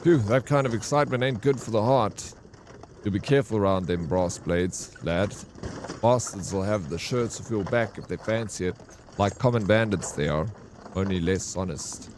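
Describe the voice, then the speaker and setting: A man's voice: lowish voice, moderate pace, a little mellow, slight background noise, lightly acted. Old peddler, male, chatty and folksy, rambling; read aloud by a male streamer. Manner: rambling, folksy, homely talk.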